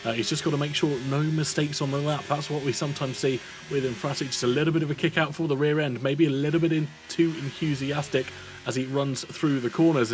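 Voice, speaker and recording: A man giving co-commentary and analysis on a sim racing qualifying session. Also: medium pitch. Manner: measured analytical, praising laps. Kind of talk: live race analysis.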